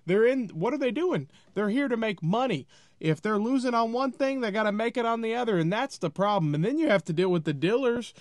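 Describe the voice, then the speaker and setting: A man's voice: sits high, lively intonation, fairly quick, no echo, clean studio sound. A man giving a casual, blunt opinion rant to camera, sounding exasperated and repeating himself. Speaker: automotive commentator.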